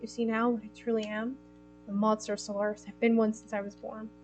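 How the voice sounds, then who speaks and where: A woman reading as a grieving gentle young man. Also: on the high side, flat delivery, fairly quick, faint music behind, lightly acted, rough recording. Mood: bitter. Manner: quiet, trembling, subdued. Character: young man, gentle, grief-stricken, haunted by his past.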